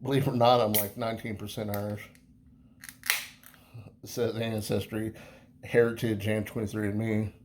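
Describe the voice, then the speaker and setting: A man's voice: lowish voice, level tone, normal speed, long pauses, a little mellow, a little hiss or hum. A man talking casually through a beer review, easygoing and chatty, rambling with many fillers and restarts.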